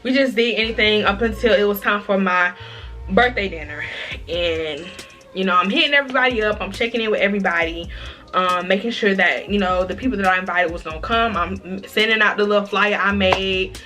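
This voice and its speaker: A young woman chatting through a casual storytime vlog, dramatic and expressive, often calling her viewers y'all. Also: mid-range voice, a little fast, faint music behind. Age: young adult. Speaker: vlogger.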